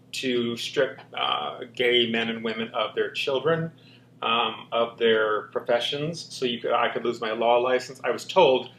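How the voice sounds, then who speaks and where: A man's voice: mid-range voice, a bit bright, a little hiss or hum. Man with a slight lisp, roomy echo. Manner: open and earnest, with frequent ums and restarts. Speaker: interview guest. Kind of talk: candid personal storytelling. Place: walk-in closet, indoors.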